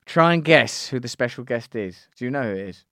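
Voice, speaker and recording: A man's voice: mid-range voice, lively intonation, a little fast, sharp tone, no room sound, studio quality. A man hosting a podcast, reading out listener comments in a playful, teasing, theatrical way. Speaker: podcast host.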